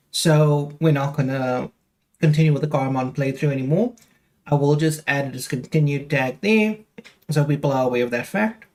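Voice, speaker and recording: Chatty young man rambling to his stream. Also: fairly high pitch. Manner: rambling, chatty, talks straight to chat with many fillers. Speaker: live streamer. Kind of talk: casual live-stream chat.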